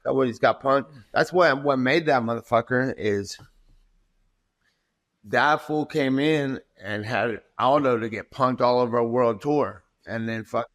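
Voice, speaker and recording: A man in his thirties, a fighter guest, telling stories in a profane and animated way in a casual interview. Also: mid-range voice, unhurried, dry recording.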